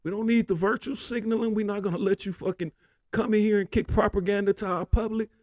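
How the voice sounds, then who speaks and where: A man's voice: high voice, fairly even intonation, fast talker, a little mellow, dry recording. A man hosting a political commentary show, ranting heatedly with constant profanity and repeated "man".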